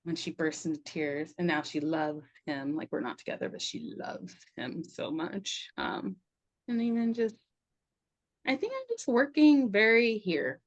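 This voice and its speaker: A woman's voice: lowish voice, expressive, measured pace. A middle-aged woman talking as a podcast guest in a loose, reflective way, laughing often and saying "like" a lot. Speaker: podcast guest, somatic practitioner. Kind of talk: casual reflective conversation.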